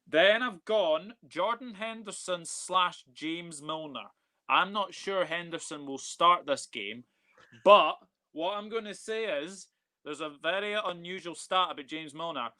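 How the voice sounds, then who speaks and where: A man's voice: a little high, sharp tone. A man hosting a casual football live stream, upbeat and chatty as he reads out viewer comments. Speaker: football channel host.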